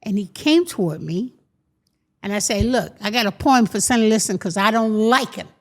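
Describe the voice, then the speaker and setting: A woman's voice: medium pitch, lively intonation, moderate pace. An older woman telling stories in an interview, acting out the voices of the people in them. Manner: acts out quoted voices while telling stories. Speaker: guest. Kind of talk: animated storytelling.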